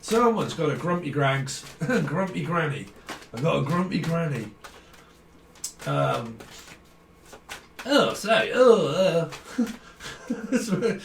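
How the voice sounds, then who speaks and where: A man's voice: fairly high pitch, very animated, takes it slowly, pauses often. A man giving a casual tarot reading, swearing, ranting and laughing often. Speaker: tarot reader. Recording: roomy, distant from mic, faint background noise.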